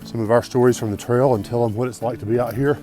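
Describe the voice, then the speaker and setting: A man's voice: mid-range voice, fairly even intonation, quick pace, dark tone, soft background music, low-quality recording. A man talking to camera as a thru-hiker vlogger outdoors on a mountain trail, upbeat, grateful and chatty, recorded on a handheld phone. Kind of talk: casual outdoor vlog talk to camera.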